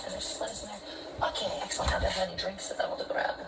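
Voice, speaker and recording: A woman's voice: mid-range voice, level tone, rapid-fire, vocal fry, roomy sound, over music. A woman livestreaming in casual chat, rambling and swearing as she talks to someone off-mic while sorting groceries. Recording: distant mic with loud background noise.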